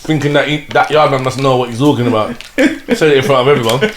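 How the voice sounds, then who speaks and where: A laid-back man chats as a podcast co-host and sinks to a low, quiet voice on serious points. His voice bounces around an echoey room. Faint noise hums underneath. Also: fast. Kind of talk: casual chat.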